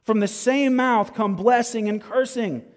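A man preaching a sermon as a pastor, earnest and building to emphatic peaks, slowing down for stress. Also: extremely high pitch. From American South. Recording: long hall reverb.

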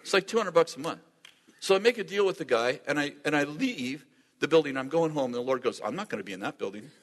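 A man preaching a sermon as a lively storyteller who acts out the dialogue and laughs often. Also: a little high, a little fast, slight background noise. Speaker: pastor. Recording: long hall reverb.

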